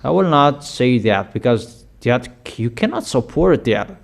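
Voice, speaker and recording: A man preaching a sermon in halting, repetitive English, delivering emphatic commands and addressing his listeners as children. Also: mid-range voice, expressive, vocal fry. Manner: halting non-native English with repeated phrases.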